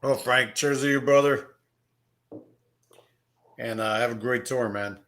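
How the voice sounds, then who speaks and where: A man's voice: medium pitch, measured pace, fairly bright tone. A man in casual chat, easygoing and laughing along with his friend.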